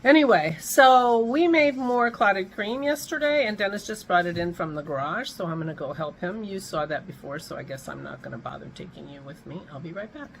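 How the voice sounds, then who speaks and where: A woman's voice: mid-range voice, lively intonation, brisk, hardly any pauses, slight background noise, low-quality recording. A woman hosting a casual home vlog, chatting in a rambling way and breaking off mid-thought, with hiccups. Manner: rambling, chatty, self-interrupting. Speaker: vlog host.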